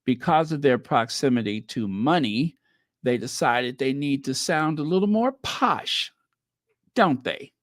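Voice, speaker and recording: A man's voice: mid-range voice, lively intonation, measured pace, dry recording, clean studio sound. A man from the United States hosting a channel, giving chatty, teasing commentary on news clips with laughing asides. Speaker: channel host.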